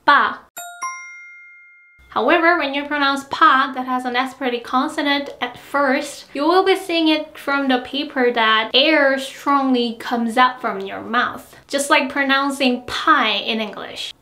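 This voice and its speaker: A bright, high-voiced young woman teaches pronunciation with a cheerful tone and repeats each syllable slowly. Her lesson sounds a little echoey, with faint music underneath. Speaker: Korean language teacher. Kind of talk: friendly online language lesson.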